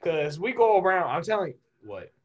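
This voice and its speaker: A young man co-hosting a podcast, telling stories in an animated way and laughing often. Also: high voice, a little fast, slightly rough, highs cut off. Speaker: podcast co-host. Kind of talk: casual chat.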